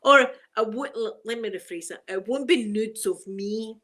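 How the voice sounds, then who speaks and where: A woman's voice: a little high, moderate pace, a bit bright. Chatty Scottish woman live-streaming. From Scotland. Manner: chatty, rambling, laughs often. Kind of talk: casual chat with live viewers.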